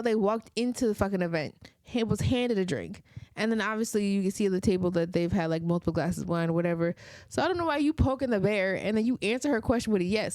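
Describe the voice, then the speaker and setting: A woman's voice: medium pitch, warm tone, no echo. A woman hosting a casual recap vlog about a reality TV show, talking in a chatty way with lots of "like" and rhetorical questions. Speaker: reality TV reviewer.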